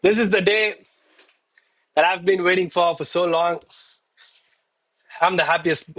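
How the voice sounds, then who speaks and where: A young man streaming live from home on a headset mic, hyped and out of breath after exercise, talking excitedly to his chat. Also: sits high, slow, pauses often. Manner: hyped, exclaiming, addresses chat as bro.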